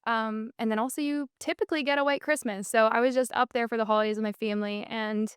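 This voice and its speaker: A woman's voice: fairly high pitch, steady tone, quick pace, clean tone, no room sound, studio quality. A woman with a Minnesota accent, a podcast guest telling her story in an upbeat, fluent way with frequent "um" and "and so.". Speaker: podcast guest, business co-founder. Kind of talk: casual interview conversation.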